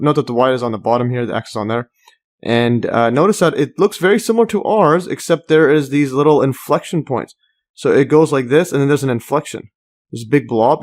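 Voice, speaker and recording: A man talking through a math lesson over his screen, thinking out loud with lots of "uh"s and restarts. His pitch sits in the middle for a man. He breaks in now and then with eager little asides about how cool the graphs look. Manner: rambling, many fillers and restarts, enthusiastic asides. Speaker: math tutor.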